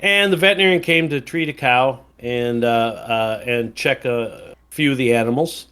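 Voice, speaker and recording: A man's voice: medium pitch, normal speed, bright, forceful tone, clear, resonant tone. A man from Wisconsin co-hosting a podcast, telling a rambling anecdote in casual chat with many fillers and restarts. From Wisconsin, USA. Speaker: podcast co-host.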